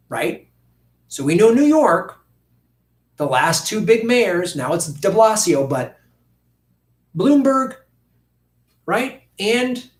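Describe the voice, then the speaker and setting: Male political streamer, higher-pitched, blunt and profane, roomy and slightly distant sound. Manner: blunt, profane, talks directly to chat viewers. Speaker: political livestream host. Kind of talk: livestream commentary.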